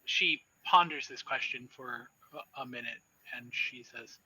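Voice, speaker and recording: A man narrating as game master of a tabletop horror game, relaxed and descriptive with frequent hesitations. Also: medium pitch, a little slow, slightly rough, low-quality recording.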